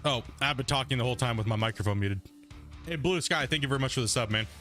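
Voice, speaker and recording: Rambling gamer guy with a bright voice. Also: medium pitch, fast talker, faint music behind. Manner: rambling, filler-heavy, says "man" and "right"; talks between bites while eating. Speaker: live streamer. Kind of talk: casual live stream chat while playing.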